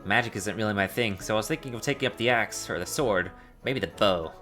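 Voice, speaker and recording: A man's voice: on the low side, fast, sharp tone, faint music behind. A man reading the earnest, chatty lines of an eager young villager in a game.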